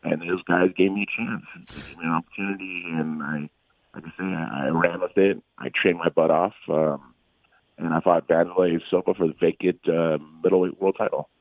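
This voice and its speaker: A middle-aged man, a former fighter, telling stories from his career as an interview guest, rambling with frequent pauses and restarts. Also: low voice, fairly even intonation, no room sound. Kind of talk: casual storytelling in an interview. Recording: tinny phone-like line, dry.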